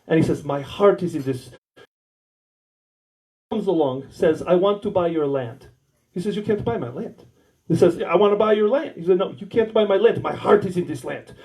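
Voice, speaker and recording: A man from the United States with an American accent tells crude, rambling stand-up stories at a small warehouse comedy night, acting out the dialogue. His voice is high-pitched and darkish at a moderate pace, and the recording is rough.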